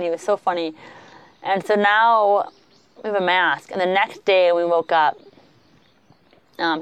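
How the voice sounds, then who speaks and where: A woman co-hosting a podcast, telling travel stories in a chatty, animated way with lots of fillers. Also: fairly low pitch, clean tone, no echo. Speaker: podcast co-host. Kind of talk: casual travel storytelling.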